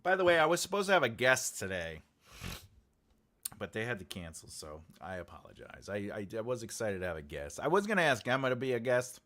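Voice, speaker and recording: A writing teacher hosts a live class, chatting casually and jokingly with his audience, rambling with lots of filler sounds, and answering chat comments aloud. His medium-pitched voice swings widely in pitch, runs a little fast, and has a fairly bright tone.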